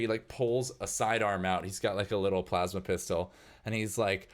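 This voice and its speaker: A man narrating as game master in a tabletop game, talking casually with many fillers. His voice is deep and low. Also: steady tone, a little fast.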